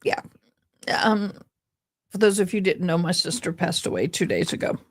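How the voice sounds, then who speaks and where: A tired, grieving woman hosting a casual livestream chat, talking slowly with frequent pauses and ums. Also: fairly low pitch, slightly rough. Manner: slow, meandering, with frequent ums. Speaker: livestream host.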